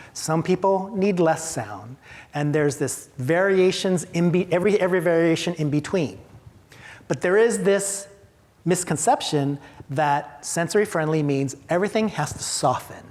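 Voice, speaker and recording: A man's voice: a little high, darkish tone. A man leading a training for theater staff, talking emphatically with rhetorical questions and acted-out reactions. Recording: long hall reverb.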